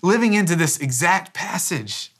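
At church, a pastor in his thirties preaches at a moderate pace with a high, slightly bright voice and lively intonation. The sermon feels casual and conversational; he frequently restarts phrases and adds "man" as an aside.

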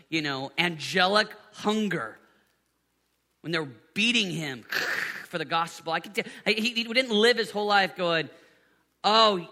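A middle-aged man preaching to a youth conference, animated, swinging from hushed tones to shouts. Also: high-pitched. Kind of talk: sermon. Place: conference venue in Birmingham, Alabama.

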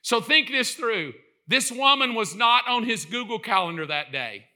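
A man preaching a sermon in an animated way, acting out the voices in his story and building to impassioned shouts. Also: very high-pitched, normal speed.

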